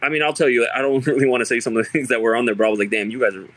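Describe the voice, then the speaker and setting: A man's voice: mid-range voice, fairly even intonation, rapid-fire, no echo. A young man hosting a casual chat, telling stories loosely with lots of filler words and laughter. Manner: laid-back storytelling, heavy filler words, frequent laughs. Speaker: podcast host.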